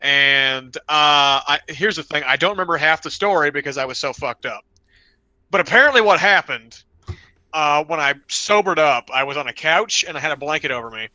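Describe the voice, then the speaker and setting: Animated man telling wild stories. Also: a little high, moderate pace, dry recording. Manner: rambling, animated, slips into loud put-on voices for friends. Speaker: podcast co-host. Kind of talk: casual storytelling chat.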